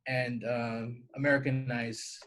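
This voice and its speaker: A man's voice: mid-range voice, flat delivery, slow, a bit bright. A man from the Philippines, a guest teacher talking earnestly and easily in a casual podcast chat, with many fillers.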